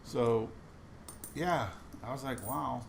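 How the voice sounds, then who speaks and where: A man's voice: mid-range voice, takes it slowly, gravelly, a little hiss or hum. A man chatting casually while going through boxes of coins, telling stories with lots of restarts. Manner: chatty storytelling with many restarts. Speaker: coin roll hunting vlogger.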